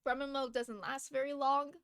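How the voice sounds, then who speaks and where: Giggly woman streamer, somewhat high voice, dry close sound; casual storytelling. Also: level tone, moderate pace, fairly bright tone, dry recording. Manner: giggly, laughs often between phrases; chatty, lots of fillers and restarts. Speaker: live streamer.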